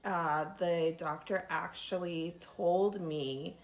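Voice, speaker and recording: A woman with a somewhat low voice tells a personal story to camera in a casual storytime style. She talks to her viewers directly and earnestly, pausing often to find her words. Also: fairly even intonation. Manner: halting, earnest, addresses viewers as "you guys".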